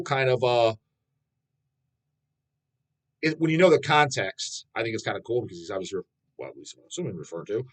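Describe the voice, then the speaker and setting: A man's voice: medium pitch, a little mellow, rough recording. A man in his thirties who hosts his own channel, answering fan questions in a rambling, blunt monologue full of swearing. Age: 30s. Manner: profane, blunt, swears constantly, laughs at himself.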